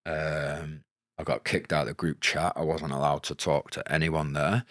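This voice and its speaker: Very deep-voiced man, candid. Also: flat delivery, normal speed, fairly bright tone, dry recording, studio quality. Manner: frank, casual, swears freely. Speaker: podcast guest, former footballer. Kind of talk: candid storytelling.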